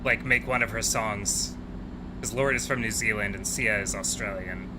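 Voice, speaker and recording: A sleep-deprived man rambles to his viewers in a relaxed livestream chat, his voice sitting fairly low. He drifts from thought to thought while driving in a game. A steady engine and road hum runs clearly underneath. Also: normal speed.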